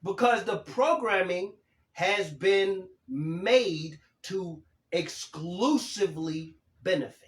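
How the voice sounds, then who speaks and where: A man in his fifties hosts a casual livestream, reading and answering viewer comments emphatically and swearing casually. His high voice moves slowly, and the sound is roomy.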